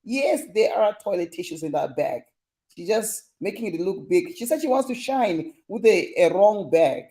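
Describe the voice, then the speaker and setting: A man's voice: high voice, big pitch swings, normal speed, dark tone. A young man hosting a casual live stream, reading viewer comments in a playful, teasing way and laughing often.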